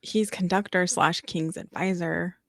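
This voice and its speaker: A woman's voice: lowish voice, fairly even intonation, a little slow, creaky, fairly bright tone, no echo. A woman co-hosting a podcast, chiming in with agreeable, dry asides about a movie. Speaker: podcast co-host. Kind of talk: casual movie recap.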